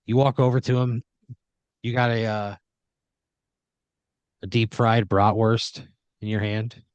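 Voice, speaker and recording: Low-voiced man narrating a rambling improv scene. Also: little pitch movement, slow pace, no echo, muffled recording. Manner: rambling, lots of "like" and "you know". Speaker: host running the improv story. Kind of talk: improvised second-person storytelling.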